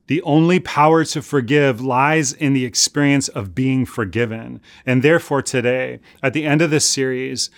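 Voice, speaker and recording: A man preaching a sermon as a pastor, earnest and deliberate, repeating key phrases for emphasis. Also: medium pitch, no room sound.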